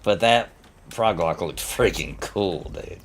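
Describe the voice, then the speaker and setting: A man casually chatting on a game stream, telling stories with lively shifts in voice. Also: takes it slowly, a little hiss or hum. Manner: animated storyteller, jumps high when quoting people. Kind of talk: casual gaming stream chat.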